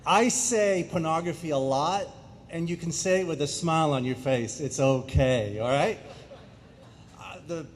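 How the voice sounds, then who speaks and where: A middle-aged man from England, a guest speaker giving a lively, jokey presentation that speaks directly to the audience in a high school auditorium. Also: a little hiss or hum.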